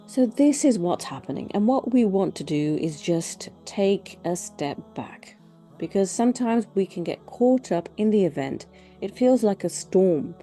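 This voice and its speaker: A woman speaks in a low, warm voice, steady and reflective as she explains how parents can stay calm. Her delivery is gentle and unhurried, like a lesson given straight to the viewer. Soft music sits quietly beneath her words. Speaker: parenting educator. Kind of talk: calm explanatory talk to camera.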